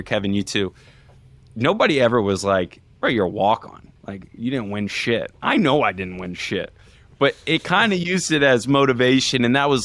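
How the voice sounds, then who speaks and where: A man's voice: on the low side, a bit bright, dry recording. A man co-hosting a podcast, ribbing his co-hosts in casual chat. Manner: teasing, ribbing the other hosts. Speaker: podcast co-host, former walk-on.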